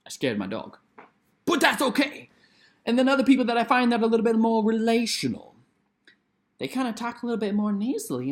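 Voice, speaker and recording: Male vlogger at home on a computer mic, playful and theatrical, pitch leaping all over. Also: sing-song, brisk. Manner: playful, theatrical, swings widely in pitch and loudness. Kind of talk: casual talk to camera.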